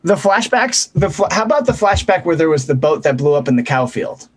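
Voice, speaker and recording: A man's voice: a little high, big pitch swings, fairly quick, over music. A man guesting on a podcast, chatting casually and making wry jokes. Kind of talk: casual chat.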